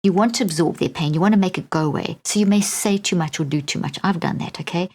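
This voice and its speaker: A woman's voice: on the low side, fast, a little mellow. A middle-aged woman with a South African accent hosting a solo podcast, talking in an earnest, coaching way and often checking in with "okay?". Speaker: podcast host.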